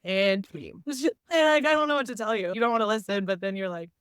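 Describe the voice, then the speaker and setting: Smooth-voiced young woman telling stories. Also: medium pitch, brisk, a bit bright, no room sound. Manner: candid, storytelling, frequent "like". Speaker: guest, teacher and coach. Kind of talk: casual podcast chat.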